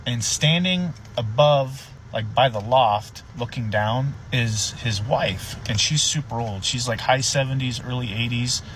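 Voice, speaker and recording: Animated swearing deputy telling a story. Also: male voice, medium pitch, measured pace, hardly any pauses, a little hiss or hum, low-quality recording. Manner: animated, swearing, acts out voices. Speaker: sheriff's deputy. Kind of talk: casual storytelling.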